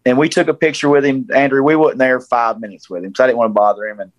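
Southern man in his forties, casual storyteller, dry close recording, mid-pitched voice. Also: fast, dry recording, low-quality recording. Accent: Southern American. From Tennessee, USA. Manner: animated storyteller, acts out quoted voices.

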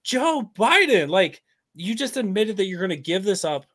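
Brief: male guest, a touch high-pitched, animated, rambling, keeps restarting sentences. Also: moderate pace. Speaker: podcast guest. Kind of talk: casual political talk.

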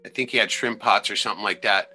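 A man, a former crab fisherman, telling wild sea stories in a loose, profane, animated way on a podcast. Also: on the low side, quick pace, breathy edge. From Alaska. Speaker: podcast guest. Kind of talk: casual storytelling.

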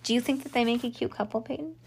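Lady reading a kids book on a podcast, kinda high voice, playful, does silly voices and jokes around. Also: fast, vocal fry, slightly rough. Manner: playful, animated voices for characters, chatty asides. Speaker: podcast host reading aloud. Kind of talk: reading a children's book aloud with asides.

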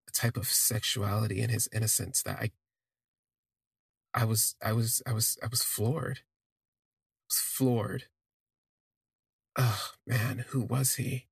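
A man's voice: fairly low pitch, gravelly, slightly rough, no echo, studio quality. A man telling a personal story on a podcast, rambling and correcting himself as he gushes. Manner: rambling, self-correcting, gushing.

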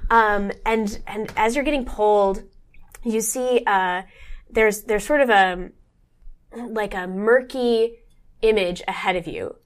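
A woman's voice: medium pitch, slow. A woman narrating a tabletop horror game as game master, meandering with many fillers. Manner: meandering, lots of fillers and restarts.

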